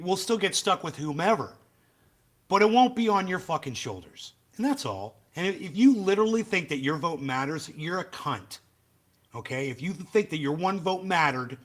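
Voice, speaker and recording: A man's voice: a little high, a bit bright. A man hosting a livestream, ranting bluntly and profanely and chatting with his viewers. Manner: chats with viewers in the live chat. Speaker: livestream host. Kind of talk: casual livestream rant.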